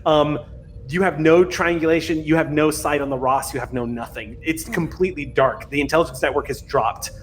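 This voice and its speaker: A man narrating a tabletop role-playing game as game master, in a measured, dramatic way. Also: fairly high pitch, a little hiss or hum.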